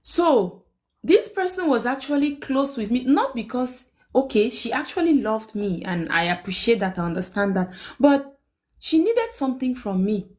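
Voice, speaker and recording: A young woman, hosting a live stream and telling a personal story in casual chat. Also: moderate pace. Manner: animated, quotes people with big pitch jumps.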